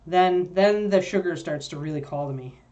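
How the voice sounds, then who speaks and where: At a normal pace and with a warm tone, a woman with a somewhat low voice co-hosts a livestream and answers viewers in casual chat. Her thoughts ramble out with many fillers and easy laughter. The audio is dull.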